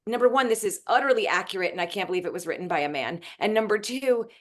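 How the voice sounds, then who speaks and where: A woman's voice: mid-range voice, animated, fast. A middle-aged woman, a guest author, chatting casually in an interview and telling stories that wander and restart mid-sentence. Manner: rambling storyteller, restarts sentences.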